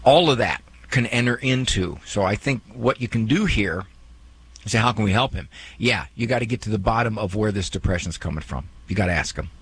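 A man's voice: lowish voice, animated, fairly quick, slightly rough. A man hosting a call-in advice show, talking fatherly and directly to a worried caller and acting out what people might say. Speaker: radio advice host.

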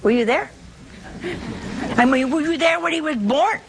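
A woman's voice: high voice, animated, moderate pace, background noise, voice pushed up. Woman acting out a doubting grown man, skeptical, questioning, told in a sermon.

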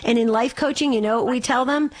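A woman hosting a call-in radio program and encouraging her callers. Her voice sits a little high, and she often repeats words as she builds up her points. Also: fairly even intonation, fast. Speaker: radio call-in show host and life coach.

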